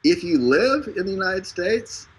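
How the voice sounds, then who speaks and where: A man hosting a live stream, making a casual, joking sales pitch full of fillers and restarts. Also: big pitch swings, measured pace, slightly rough, rough recording. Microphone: streaming over an internet connection.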